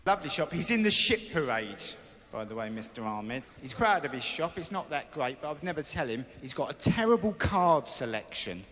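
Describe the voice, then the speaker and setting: Animated stand-up comedian, hall echo. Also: male voice, fairly high pitch, normal speed. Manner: animated storytelling, acts out his own panic. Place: live comedy stage in a big hall. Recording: live hall recording with loud crowd noise.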